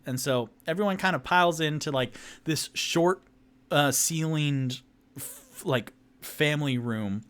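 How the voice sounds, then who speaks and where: A man's voice: a little high, a little slow, clear, resonant tone. A man narrating a solo tabletop game as game master, rambling with many fillers and restarts. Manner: rambling, filler-heavy, lively.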